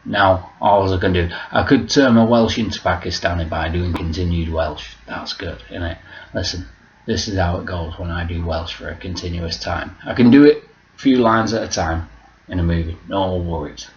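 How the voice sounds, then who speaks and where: A man's voice: low voice, moderate pace. A man talking to camera in a casual, rambling vlog, swearing freely as he goes. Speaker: vlogger. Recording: dull lo-fi recording.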